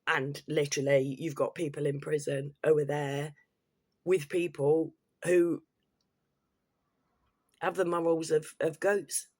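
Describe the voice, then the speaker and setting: A woman's voice: low voice, little pitch movement, slow pace, long pauses, a little mellow, breathy edge, no echo, studio quality. A woman from England, talking straight to camera in a blunt, heated rant full of swearing. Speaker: vlogger. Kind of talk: casual ranting monologue.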